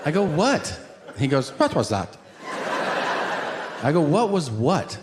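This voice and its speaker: A man doing a stand-up comedy routine on stage, acting out voices in his stories, swearing and shouting punchlines, with a live audience laughing. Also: fairly high pitch, big pitch swings, measured pace, noisy background. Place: large venue before a laughing audience. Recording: live hall with reverb and loud ambience.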